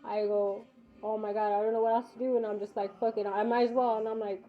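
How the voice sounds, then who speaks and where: A woman's voice: medium pitch, level tone, quick pace. A woman casually telling a personal story as a mother, acting out the dialogue and swearing freely. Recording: dull lo-fi recording.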